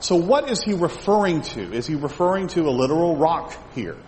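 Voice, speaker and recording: A man's voice: fairly high pitch, big pitch swings, fairly quick, a little mellow. A man teaching a Bible study class. He reads scripture aloud, asks his listeners questions and often repeats words while he thinks. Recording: echoey hall with faint background noise.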